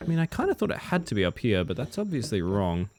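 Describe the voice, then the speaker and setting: A male game streamer talks casually through a live play session. His voice sits on the low side but swings widely in pitch as he reacts. He answers chat and comments on the game as he goes. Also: wildly swooping pitch, fast, darkish tone.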